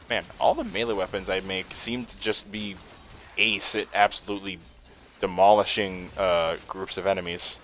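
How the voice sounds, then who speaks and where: A young man giving casual, excitable commentary while playing a video game, laughing often and swearing now and then. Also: low-pitched, normal speed, a little hiss or hum. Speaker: gaming streamer.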